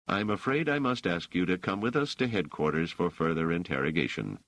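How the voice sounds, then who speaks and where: A man voicing a stern police officer who questions suspects in a flat, probing, faintly sarcastic way. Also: low-pitched, a little fast, no room sound, pitched above the performer's own voice. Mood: interrogating. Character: stern male police officer, coolly interrogating.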